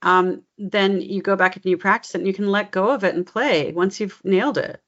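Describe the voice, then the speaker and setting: A woman working as a dialect coach, patiently explaining stress and pitch and demonstrating phrases aloud. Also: a little fast, a bit bright. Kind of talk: coaching session. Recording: slightly dull lo-fi recording.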